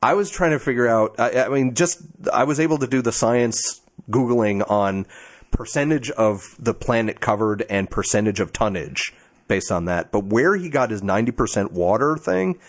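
A man's voice: medium pitch, expressive, moderate pace. A man co-hosting a podcast in casual chat, talkative and wry, explaining at length. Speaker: podcast co-host.

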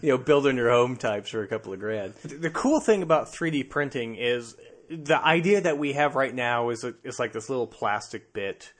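A man's voice: medium pitch, moderate pace. Joking male podcast co-host. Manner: jokey, laughs often, trails off and restarts. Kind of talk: casual chat.

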